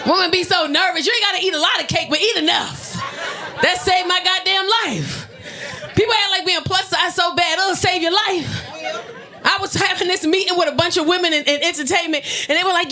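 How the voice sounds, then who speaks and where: Woman stand-up, high voice, brash and foul-mouthed, goes loud and shrill on the big lines. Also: a little fast, some chatter behind. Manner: brash, profane storytelling, shifting into loud high shouts at punchlines. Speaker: stand-up comedian. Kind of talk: stand-up comedy storytelling. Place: comedy stage with audience.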